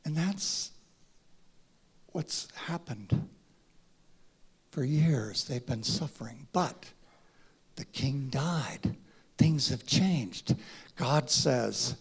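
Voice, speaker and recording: A man preaching a sermon, acting out dialogue in a dramatic voice that drops to a hush and rises to a shout. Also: medium pitch, expressive, extremely slow, pauses often, husky. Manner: dramatic, acts out voices, swings from hushed to shouting. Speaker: pastor.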